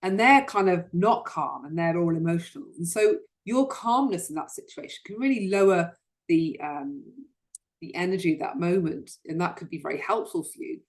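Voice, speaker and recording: A woman's voice: fairly low pitch, lively intonation, moderate pace. A woman hosting a solo self-help talk, speaking earnestly and often repeating words as she starts a sentence. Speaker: host.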